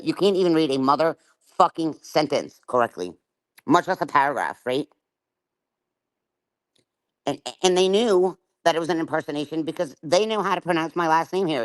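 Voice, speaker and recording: A middle-aged woman rants on her livestream and swears through every line. She taunts and confronts the people she addresses. The sound is dry, with no room echo. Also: deep voice. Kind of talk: livestream rant.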